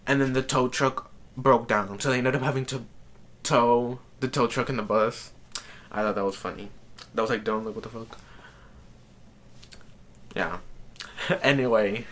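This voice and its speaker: A man's voice: medium pitch, a bit bright. A young man telling a travel story in a casual vlog, chatty and profane, with lots of "like" fillers. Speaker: vlogger.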